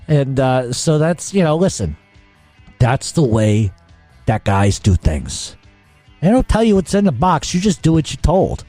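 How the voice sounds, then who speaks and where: A man's voice: medium pitch, very animated, measured pace, dark tone, soft background music. A middle-aged man telling a long story in casual talk, cursing often and restarting his sentences. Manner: profane, rambling, many restarts. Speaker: podcast storyteller.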